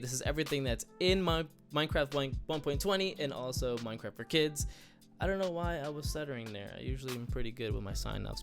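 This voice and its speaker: A young man casually showing off a texture pack he made, relaxed and chatty with plenty of "like" and "man". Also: mid-range voice. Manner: laid-back, lots of "like" and "man" fillers. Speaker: texture pack creator showcasing his work. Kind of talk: casual gaming commentary. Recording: music playing underneath.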